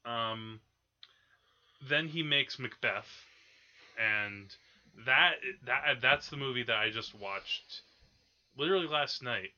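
A man's voice: mid-range voice, slow pace, long pauses, sharp tone, muffled recording. A man hosting a podcast, chatting casually about old films with lots of fillers and restarts. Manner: rambling, many fillers and restarts. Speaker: podcast host. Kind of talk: casual film discussion.

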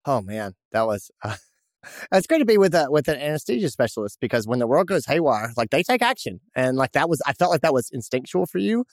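Podcast host guy, super lively voice, jokey, dry close sound. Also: medium pitch, a little fast, no echo. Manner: animated, joking, lots of restarts. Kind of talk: casual podcast chat.

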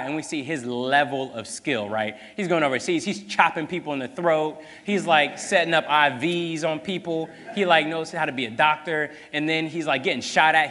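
A man preaching a sermon, telling a story in a casual, animated way full of fillers. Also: a little high, long reverb tail.

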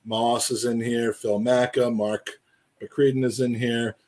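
A man co-hosting a casual football podcast rambles loosely and jokily, often calling out to viewers in the live chat. His voice is an ordinary middle pitch with a dark tone, little pitch movement, and a slightly slow pace.

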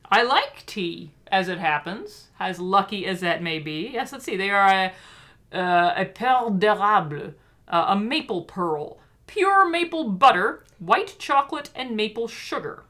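A woman co-hosting a podcast in casual chat, playful and quick to laugh, with jokey asides. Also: mid-range voice, animated, fairly bright tone. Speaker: podcast co-host.

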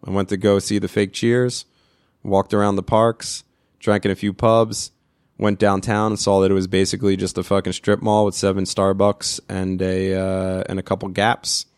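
A man's voice: low voice, flat delivery, moderate pace, smooth, dry recording, studio quality. A man from New York hosting a podcast, ranting crudely with constant swearing and rambling restarts. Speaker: podcast host. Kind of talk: profane solo rant.

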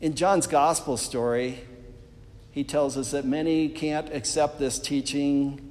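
A preacher earnestly delivers a sermon, speaking directly to the people in the pews. His medium-pitched voice has a darkish tone and sits in a middle register, ringing with the long reverb of a church hall.

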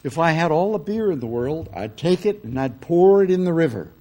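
A man's voice: a little high, expressive, brisk, dark tone, voice pushed up, close to an everyday voice. A man voicing a fiery Southern preacher who declaims with rising emphasis. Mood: emphatic.

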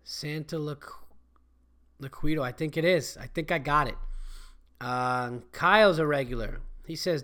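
A man's voice: on the high side, sharp tone. A man hosting a podcast, reading listener emails and chatting casually, swearing freely and chuckling as he talks. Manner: loose, swears freely, chuckles mid-sentence. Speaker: podcast host.

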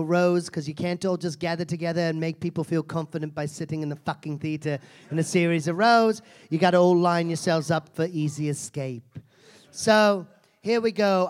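A man hosting a live comedy show on a theater stage, mock-solemn and abrasive, swearing and laughing at his own jokes. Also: high-pitched.

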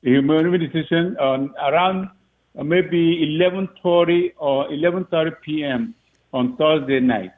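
A father telling a story on the phone, animated and laughing often as he acts out what people said. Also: a little high, moderate pace. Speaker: father of a recruit. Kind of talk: phone interview. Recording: tinny phone line.

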